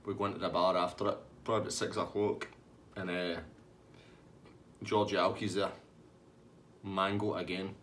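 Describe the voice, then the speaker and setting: A man's voice: low voice, level tone, moderate pace, pauses often, a bit bright, slight background noise. A man with a Scottish accent telling a comic anecdote in a rambling, laughing way. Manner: rambling, laughing through the story. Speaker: storyteller.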